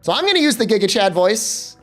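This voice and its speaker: Chatty male streamer with a lively voice. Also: high voice, fairly quick, faint music behind. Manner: chatty and loose, joking with viewers. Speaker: game streamer. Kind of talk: casual live-stream chat.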